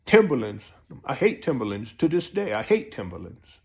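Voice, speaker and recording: A man telling a profane comic story, jumping up high when excited. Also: moderate pace. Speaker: comedian storyteller. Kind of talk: comic monologue.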